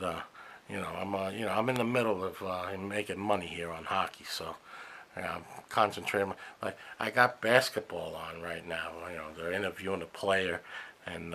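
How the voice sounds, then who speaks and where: A man's voice: deep voice, vocal fry, bright, forceful tone. A middle-aged man, rambling through a casual podcast monologue full of fillers and asides. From New York area. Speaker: podcast host.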